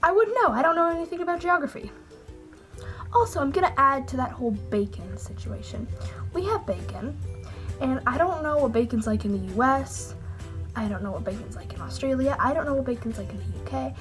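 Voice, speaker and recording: High-voiced woman rambling chattily. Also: expressive, brisk, soft background music. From Canada. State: slightly sick with a cold. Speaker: vlogger. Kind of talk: casual chat to camera.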